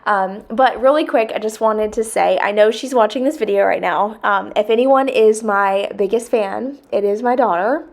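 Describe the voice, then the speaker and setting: A woman's voice: mid-range voice, normal speed, few pauses. A woman, chatting casually in a home vlog, rambling with lots of fillers. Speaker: vlogger.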